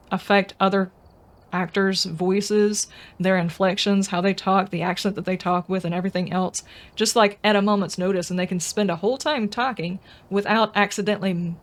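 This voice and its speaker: Chatty woman streamer. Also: mid-range voice. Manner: rambling, chatty, answers viewers' comments. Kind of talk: casual live-stream chat.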